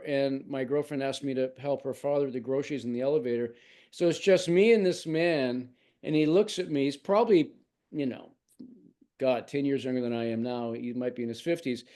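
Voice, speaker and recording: A man's voice: mid-range voice, darkish tone. A man in his sixties, a novelist, telling a long story in an interview with many restarts and asides. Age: 60s.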